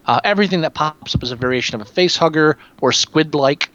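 A man's voice: a little high, fast talker. Snarky guy picking apart a movie, swears a lot, dull lo-fi sound. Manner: sarcastic, animated, swears a lot. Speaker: podcast co-host reviewing a film. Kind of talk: casual profane movie chat.

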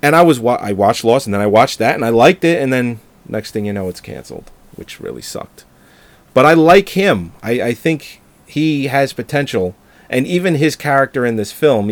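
A man's voice: mid-range voice, no echo. A man speaks in an opinionated, offhand way, swearing freely and letting his sentences trail off into hedges. His voice is in the middle range for a man, and the recording is dry, with no room sound. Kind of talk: casual chat.

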